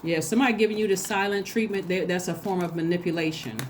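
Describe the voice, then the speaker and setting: A woman with a fairly low voice talks through a tarot reading in a relaxed, chatty way. She gets excitable and speaks straight to her viewers. A faint hiss of noise sits behind her. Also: quick pace. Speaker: tarot reader. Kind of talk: casual spoken tarot reading.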